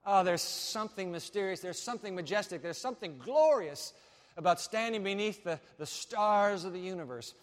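Male pastor, sermon, high pitch, animated delivery, long hall reverb. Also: normal speed. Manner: animated, swings from loud to hushed.

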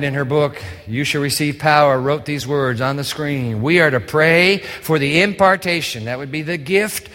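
The long reverb of a large hall follows a fairly high, slightly bright male voice as the pastor passionately pleads through his sermon and asks his listeners rhetorical questions.

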